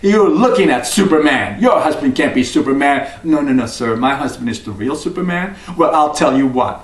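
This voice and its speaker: A boastful, hot-tempered strongman husband, put on by a storyteller man blusters and stammers through a folk tale. His voice leaps around in lively swings. It sounds roomy and set back from the mic. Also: medium pitch, moderate pace, far from the mic, pitched below the performer's own voice, natural voice. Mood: blustering. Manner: blustering, stammers when scared.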